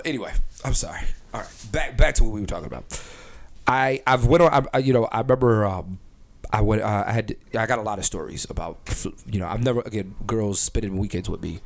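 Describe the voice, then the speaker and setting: A young man hosting a casual podcast, brash and profane, rambling with lots of restarts and filler. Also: lowish voice. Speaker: podcast host.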